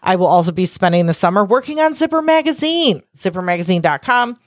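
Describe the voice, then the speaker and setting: A woman's voice: medium pitch, big pitch swings, fast, no room sound, studio quality. A woman hosting her own podcast, talking casually and candidly on her own, swearing freely and rambling through asides. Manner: candid, profane, rambling with asides and acted-out quotes. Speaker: podcast host. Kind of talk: casual solo podcast monologue.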